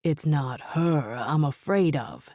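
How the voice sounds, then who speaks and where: Woman voicing a gruff male thug, impatient, grumbling, low dark voice. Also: fairly even intonation, unhurried, dry recording, clean studio sound. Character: irritable male gangster with a cigar. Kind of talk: audiobook character voice.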